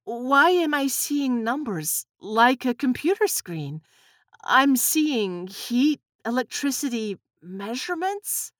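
A woman voicing a frightened teenage girl twin, crying out in a high, drawn-out voice. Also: sing-song, fairly bright tone, no echo, studio quality, heavily acted. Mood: confused.

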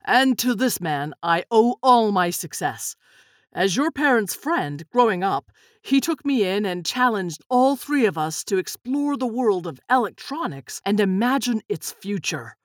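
A woman voicing a smooth, ingratiating older businessman who speaks slowly and deliberately. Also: mid-range voice, very animated, no room sound, clean studio sound.

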